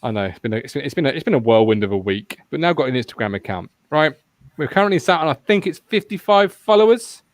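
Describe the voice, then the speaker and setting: A man hosts a live football fan podcast, talking in a loose, rambling way with plenty of swearing. His pitch sits a little high and swings widely. The sound is dry and close, with no room echo. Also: quick pace. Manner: animated, swears freely, rambling asides. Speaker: podcast host. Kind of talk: casual football podcast chat.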